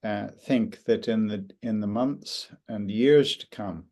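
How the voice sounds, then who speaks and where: An older man giving an interview, speaking reflectively and haltingly, with many restarts and pauses. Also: on the low side, warm tone. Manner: thoughtful, halting with frequent restarts and fillers. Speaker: interview guest, author.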